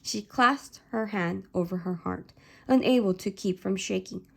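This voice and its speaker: A woman reading a novel aloud in steady, measured narration. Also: medium pitch, creaky, slightly rough. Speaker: reader of a novel.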